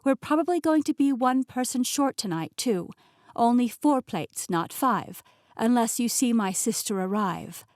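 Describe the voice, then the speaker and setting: A woman voicing a brisk, stern middle-aged aunt who speaks in a clipped, secretive way. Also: on the high side, animated, a little mellow, dry recording, studio quality.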